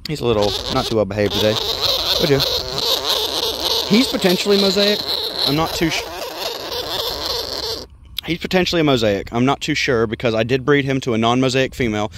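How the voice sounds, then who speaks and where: A man's voice: medium pitch, expressive, fairly quick, long pauses, heavy background noise. A man vlogging about his exotic pets, rambling on and chatting to the animals as he goes. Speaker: exotic pet breeder and vlogger. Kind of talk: casual rambling vlog, walking around animal enclosures. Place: outdoors in a yard with animal pens, partly indoors at reptile tanks.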